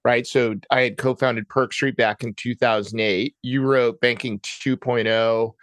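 A man's voice: mid-range voice, fairly even intonation, measured pace, a bit bright, no room sound. A man co-hosting a podcast, telling an anecdote in an easygoing way. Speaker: podcast co-host. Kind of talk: casual conversation on a podcast.

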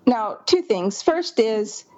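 A woman's voice: on the high side, lively intonation, slow pace, a little mellow, dull audio. Woman editor walking through a manuscript. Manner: explanatory, reads passages aloud then comments. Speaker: book editor. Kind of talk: manuscript critique walkthrough.

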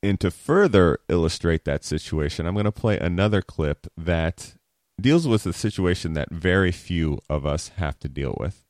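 A deep-voiced man explains conversation techniques in a relaxed, teacherly way. He keeps checking in with the listener as he goes. The sound is dry and close. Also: no echo. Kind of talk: explaining communication skills.

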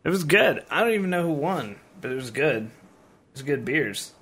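A man's voice: on the high side, big pitch swings, moderate pace, crowd noise. A man on a podcast, chatting about his weekend in a laid-back, easygoing way. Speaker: podcast co-host. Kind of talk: casual chat.

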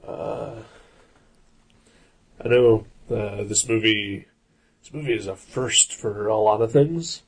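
Low gravelly-voiced man chatting about films. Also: slow, pauses often. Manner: rambling, many fillers and restarts. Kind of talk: casual film discussion.

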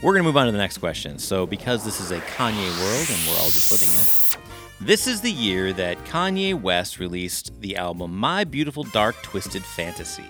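A man's voice: fairly low pitch, big pitch swings, moderate pace, music in the background. A man hosting a casual podcast quiz, playful and teasing. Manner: playful, teasing, breaks into sung imitations. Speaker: podcast co-host, quizmaster. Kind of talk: casual chat.

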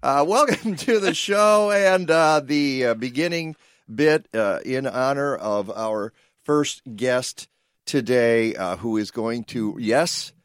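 A man's voice: medium pitch, lively intonation, takes it slowly, smooth, no room sound, studio quality. A man co-hosting a radio talk show, chatting casually and rambling with many fillers and jokes. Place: radio studio.

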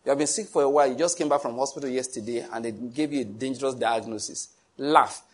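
A man's voice: medium pitch, fast, slightly rough. A man preaching a sermon emphatically and asking the congregation questions. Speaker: pastor.

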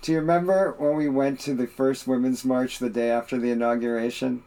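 Man, podcast co-host, casual chat, dry wit, deadpan asides, middle pitch. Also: brisk.

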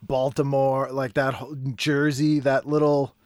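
A man from the Boston area, a comedian guest telling wry, animated stories in casual chat. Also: mid-range voice, measured pace, dry recording, studio quality.

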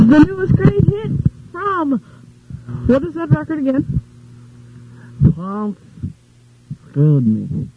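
A woman's voice: sits high, slight background noise, heavily acted. A woman playing a scatterbrained female radio show host who loses track mid-introduction, in an old comedy sketch. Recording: tinny lo-fi old sketch recording.

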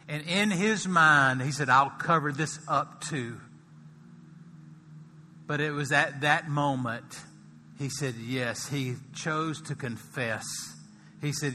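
A man preaching with a very bright, ringing voice and a slightly high pitch. He swings between hushed, slowed passages and loud climaxes, and a long hall reverb trails after him. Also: slight background noise. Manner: swells from soft and slow to loud and high for emphasis. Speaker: pastor. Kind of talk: sermon.

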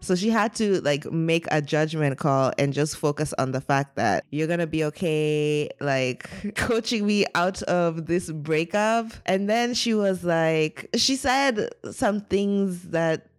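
A young woman telling a personal story in an animated, chatty way, full of fillers. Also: low-pitched, takes it slowly, few pauses, no echo, studio quality. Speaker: interviewee.

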